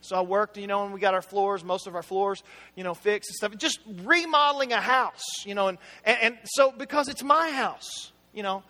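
High, bright-voiced preacher in a reverberant hall. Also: male voice, moderate pace. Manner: chatty, anecdotal, addresses congregation directly. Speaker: pastor. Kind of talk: conversational sermon.

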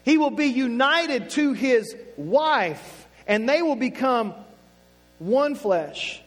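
High-voiced preacher from Oklahoma. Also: male voice, lively intonation. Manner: conversational, playful, drawn-out emphasis. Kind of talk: sermon. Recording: echoey hall with faint music.

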